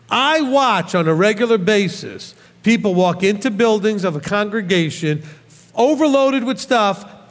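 A man preaching a sermon as a rabbi teacher, scolding with rhetorical questions and animated swings. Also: high voice, long reverb tail.

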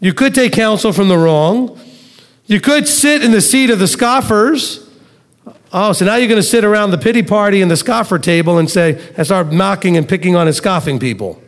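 A man's voice: high voice, animated, moderate pace. A man teaching a sermon to a live and online congregation, emphatic, with rhetorical questions and sarcastic asides. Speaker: Messianic Torah teacher. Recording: long reverb of a large hall.

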